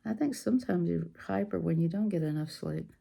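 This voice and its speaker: On the low side, creaky and mellow, a woman's voice moves fairly quickly as she hosts a relaxed craft stream and works on a diamond painting. Hyper and giggly, she makes up silly songs and does animal noises.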